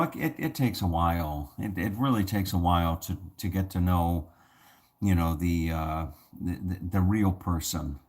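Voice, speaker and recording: A man's voice: sits low, a little mellow. A man talking to camera in a casual, rambling vlog, full of fillers and restarts. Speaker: vlogger.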